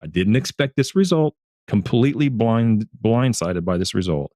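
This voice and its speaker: Male turf scientist guest, low voice, earnest, animated storyteller, dry sound. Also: normal speed, no room sound. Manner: earnest, repeats words and restarts phrases. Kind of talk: casual livestream discussion.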